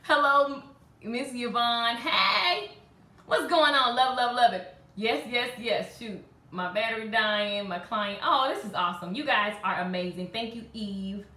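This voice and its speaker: High bright woman hyping her live stream. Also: a little slow, roomy sound. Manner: hyped, sings motivational chant, talks to commenters. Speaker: live-stream host and salon business coach. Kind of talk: casual live-stream chat with viewers.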